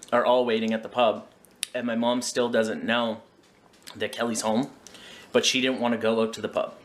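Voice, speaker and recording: A man's voice: medium pitch, fairly bright tone. A man talking casually in a home vlog, chatty and self-mocking, with a kitchen around him. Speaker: vlogger.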